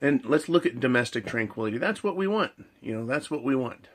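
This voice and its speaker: A man's voice: mid-range voice, expressive, a little fast, fairly bright tone. A man ranting in a monologue. He swears a lot, repeats his points, builds long analogies and keeps asking "right?". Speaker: commentator.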